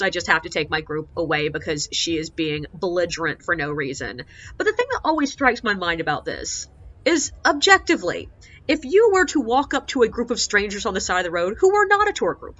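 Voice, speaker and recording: Animated, bright-voiced woman storyteller. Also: fairly high pitch, dull audio. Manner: animated, sarcastic, acts out quotes. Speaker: ghost tour guide. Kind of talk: casual storytelling vlog.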